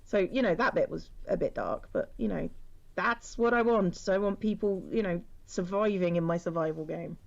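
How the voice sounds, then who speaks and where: Woman, casual stream chat, halting dry complaints, lo-fi mic. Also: lowish voice, gravelly. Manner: rambling, frequent restarts, dry complaints. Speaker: streamer guest. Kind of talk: casual chat while drawing.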